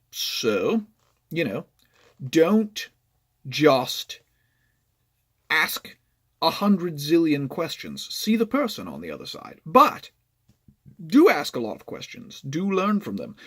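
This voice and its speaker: A man's voice: fairly high pitch, slightly rough. A man telling a storytime vlog about online gaming, explaining at length and checking in with "right?". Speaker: gaming vlogger.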